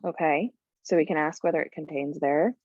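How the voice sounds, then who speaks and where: A woman's voice: deep voice, fairly quick, a little mellow, no echo, muffled recording. A woman teaching a live coding class, thinking aloud with many fillers and talking bluntly about clients. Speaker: coding bootcamp instructor.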